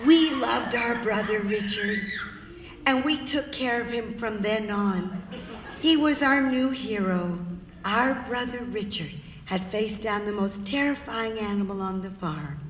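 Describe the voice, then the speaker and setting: A woman storyteller performing live, acting out shouts and sound effects and drawing the audience in. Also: mid-range voice, a little slow, a little hiss or hum. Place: large theater stage. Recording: echoey theater hall.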